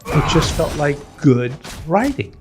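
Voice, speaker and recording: A man teaching writing in a casual, animated way, often acting out voices. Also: fairly high pitch, slow pace, music in the background. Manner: animated, acts out voices and hums melodies.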